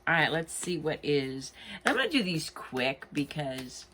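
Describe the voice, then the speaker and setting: A woman with a low voice gives a chatty, meandering tarot reading, her pitch rising and falling a lot. She sounds tired, as if it is late at night, and keeps slipping in "you know" asides. A faint hiss sits under her voice. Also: big pitch swings, moderate pace, fairly bright tone. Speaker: tarot reader.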